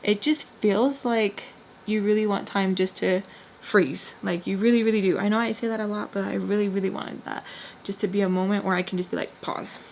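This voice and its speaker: A woman's voice: medium pitch, fairly even intonation, brisk, vocal fry, a little mellow, slight background noise. A young woman telling a storytime vlog in casual chat, blunt and full of fillers, swearing now and then. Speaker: storytime vlogger.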